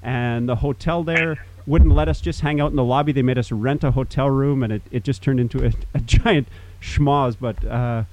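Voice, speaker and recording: A man's voice: medium pitch, normal speed. A man in his fifties, from Manitoba, Canada, telling a rambling casual story among old friends. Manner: rambling, animated, restarts. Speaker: podcast host.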